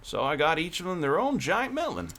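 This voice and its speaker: A man's voice: on the high side, wildly swooping pitch, brisk, a bit bright, slight background noise, voice pushed up, heavily acted. A man voicing a cheerful male cowboy merchant from a game, in a put-on country drawl. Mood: folksy. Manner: folksy storytelling.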